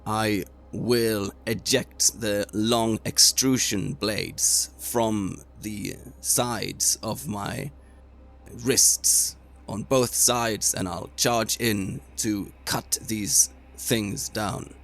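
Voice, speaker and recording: Man, tabletop player, slow measured speech, lowish voice. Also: steady tone, gravelly, fairly bright tone. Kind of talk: playing a tabletop game.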